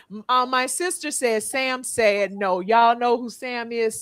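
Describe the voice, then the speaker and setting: A woman's voice: fairly high pitch, a bit bright, dry recording. A woman hosting a casual livestream podcast, reading viewer comments aloud and laughing often. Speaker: podcast host.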